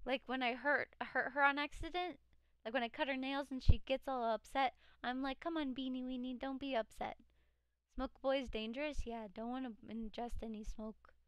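A tired woman streamer with a high voice, chatting loosely with her viewers and reading out their messages. Her voice cracks now and then. The sound is dry and close, with no room in it. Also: steady tone, normal speed, clean tone, dry recording. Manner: chatty, reads chat aloud, frequent laughs. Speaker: live streamer. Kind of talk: casual live-stream chat.

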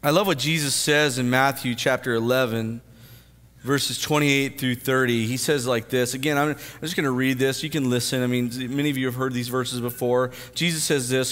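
A man preaching a sermon as pastor, earnest, stammering into restarts and swinging between hushed and lively. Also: mid-range voice, moderate pace, in a large hall. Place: church sanctuary.

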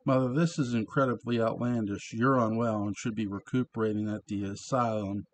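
A man's voice: lowish voice, fairly even intonation, brisk, natural voice. A man reading the lines of an alarmed grown son confronting his mother, stumbling over some words.

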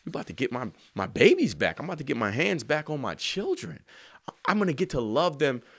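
A man telling an emotional story about writing a song, earnest and slangy, sometimes softly singing lines. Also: medium pitch, sing-song, brisk, creaky, no room sound, clean studio sound. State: choked up. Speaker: songwriter. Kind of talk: heartfelt spoken testimony.

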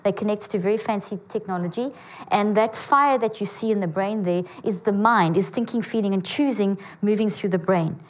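A woman giving an energetic teaching talk to a church audience, often checking in with her listeners. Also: mid-range voice, brisk. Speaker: guest speaker. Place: church auditorium.

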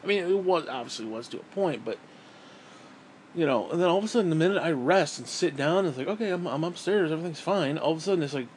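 A man's voice: on the high side, animated, quick pace, slight background noise. Frustrated swearing man venting at home. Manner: frustrated, swearing, rambling with restarts. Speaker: vlogger. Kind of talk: casual rant to camera.

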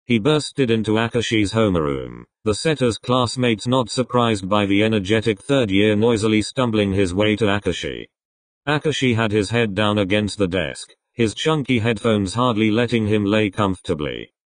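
Low-voiced man reading a fan story. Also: animated, moderate pace, dry recording. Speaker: reader. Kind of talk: reading a fan text-chat story aloud.

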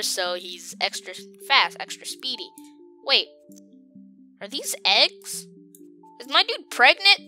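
Bright-voiced excitable woman gamer. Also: mid-range voice. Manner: excitable, chatty, talks to game creatures. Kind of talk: let's play gameplay commentary.

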